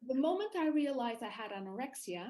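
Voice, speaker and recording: A woman guest in a casual interview, recounting her own story in an animated way, often restarting her sentences. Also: a little high, a little fast, low-quality recording.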